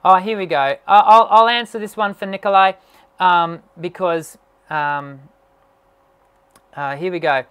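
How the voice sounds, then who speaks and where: A middle-aged male voice teacher taking questions during a live online session. His voice sounds strained and worn as it recovers from dysphonia. He explains at length, often pausing on fillers and restarting sentences. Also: high-pitched, fairly bright tone, smooth.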